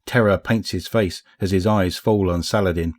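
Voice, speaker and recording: A man with a low voice reads a story aloud as scripted narration. His delivery is measured and even, suited to an audiobook. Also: no room sound, clean studio sound. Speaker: audiobook reader.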